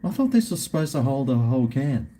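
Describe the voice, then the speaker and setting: A man's voice: medium pitch, very animated, fast, dark tone, slight background noise. A middle-aged Australian man hosting a live stream, rambling and swearing in casual banter with his viewers.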